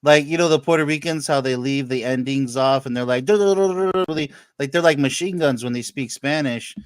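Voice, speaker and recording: A man chatting casually as a podcast co-host, laid-back and slangy, with quick agreements. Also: medium pitch, no echo. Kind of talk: casual chat.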